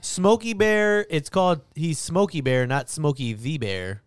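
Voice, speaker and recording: A man's voice: medium pitch, normal speed, smooth. A man co-hosting a podcast in casual chat, joking and reading items out. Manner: jokey, deadpan, reads items out. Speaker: podcast co-host.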